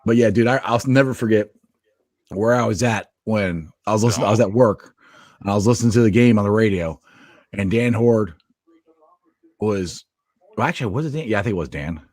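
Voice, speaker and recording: A man's voice: on the low side, a little fast, pauses often, no echo. A man hosting a casual sports watch party stream, telling fan stories with lots of restarts and swearing. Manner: animated storytelling, swears and laughs, restarts often.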